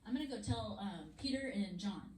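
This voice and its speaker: A woman voicing an earnest young woman in a story, with a breathless, excited manner, heard from far off in an echoey room. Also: mid-range voice, normal speed, slight background noise, close to an everyday voice.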